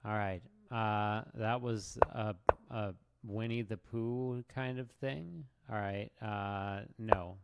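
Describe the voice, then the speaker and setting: A man's voice: on the low side, slow, vocal fry, few pauses. A man streaming his chess games, commenting on the moves in a wry, rambling, self-mocking way. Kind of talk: casual live game commentary. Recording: loud background noise.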